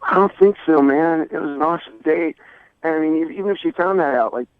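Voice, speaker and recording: A man's voice: a little high, fast talker, no room sound. Laid-back male caller on a tinny phone line. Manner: laid-back, lots of fillers like "man" and "bro". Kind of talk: casual phone-in chat.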